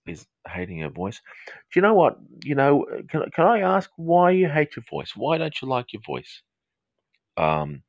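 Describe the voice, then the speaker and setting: Brief: male live-show counsellor, lowish voice, dry close sound, rambling joker who trips over his words. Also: no room sound. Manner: rambling and playful, stumbling restarts and jokes. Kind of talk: casual chat, live call-in counselling.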